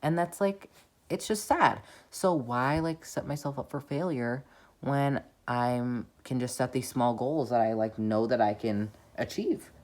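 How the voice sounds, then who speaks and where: A young woman with a strikingly deep voice chats through a casual vlog update from home. She rambles, fills her sentences with "like," and pokes fun at herself along the way. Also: unhurried, a little mellow. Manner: rambling, heavy use of "like"; chatty and self-deprecating. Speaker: vlogger.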